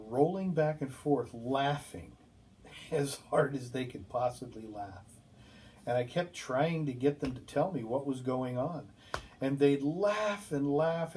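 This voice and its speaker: A man's voice: mid-range voice, darkish tone. A man giving a classroom lecture, talking casually with many ums and restarts as he tells a story from his work.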